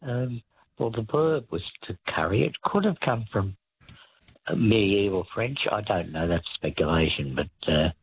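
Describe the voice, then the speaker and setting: A man calling into a radio show, explaining word origins in a hesitant, rambling way with many pauses. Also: lowish voice, expressive. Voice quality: very raspy. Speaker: caller. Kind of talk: phone-in radio chat. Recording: tinny phone line.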